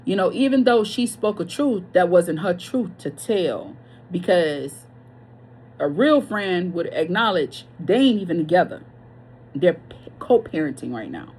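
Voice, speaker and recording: A woman's voice: fairly low pitch, lively intonation, a little slow, darkish tone, slightly rough. A woman giving a casual tarot reading, chatty and blunt, swearing freely and wandering off on tangents. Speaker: tarot reader.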